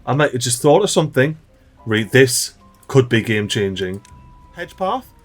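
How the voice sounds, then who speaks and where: Man hosting a gaming channel, excitable and chatty, voice bouncing all over. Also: medium pitch, moderate pace, soft background music. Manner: excitable, chatty, talks to the game characters. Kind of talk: let's play commentary.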